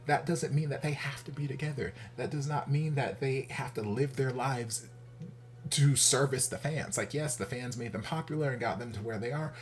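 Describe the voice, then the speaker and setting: A man hosting a reaction video in casual commentary, animated and exasperated, jumping from loud outbursts to low muttering. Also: moderate pace.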